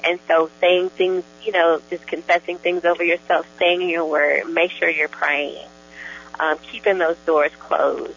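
Joyful, husky woman on a radio show. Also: lowish voice, little pitch movement, unhurried, fairly bright tone. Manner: joyful, enthusiastic, laughs often. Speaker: guest in deliverance ministry training. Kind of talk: casual radio conversation. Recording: dull lo-fi radio sound.

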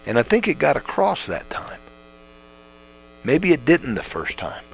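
A man's voice: mid-range voice, huge pitch swings, unhurried, vocal fry. A middle-aged man giving conversational, earnest Bible teaching on the radio, folksy and full of restarts. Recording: dull lo-fi radio audio with mains hum.

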